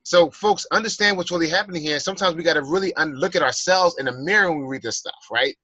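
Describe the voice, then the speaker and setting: A man's voice: on the high side, fast, bright, forceful tone, no room sound, dull audio. A man speaking as a guest in a personal development class, earnestly coaching listeners and rephrasing his points. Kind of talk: motivational talk.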